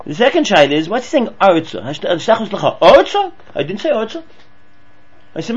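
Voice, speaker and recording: Excitable man teaching Torah, lo-fi. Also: sits high, fast, slightly rough. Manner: excitable, repeats and restarts words. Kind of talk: animated Torah lesson.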